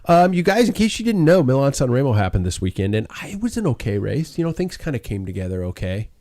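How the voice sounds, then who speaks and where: A man hosting a podcast in casual chat, animated and jokey, swearing freely. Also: medium pitch, fast, no echo, studio quality. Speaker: podcast host.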